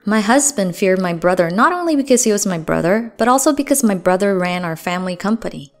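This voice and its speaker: A woman narrating a dramatic first-person story in a steady, earnest voice. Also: mid-range voice, quick pace, hardly any pauses. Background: faint music.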